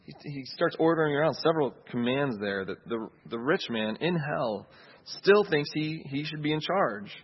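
A man delivers a sermon in a relaxed, conversational way, often asking his listeners "right?" as he goes. His voice is husky, and the recording sounds dull and lo-fi. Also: a little high, normal speed. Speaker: pastor.

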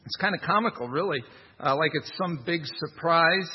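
A man's voice: fairly high pitch, normal speed, breathy edge, big-room sound, dull audio. A man preaching a sermon in a conversational, wry manner, with rhetorical asides. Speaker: pastor.

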